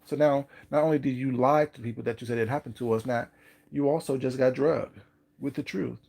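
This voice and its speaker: Male livestream host, gravelly mid-range voice, loose chatty delivery with lots of laughter. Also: medium pitch, a little fast, a little mellow. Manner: chatty, repetitive, laughs often. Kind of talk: casual live chat while eating.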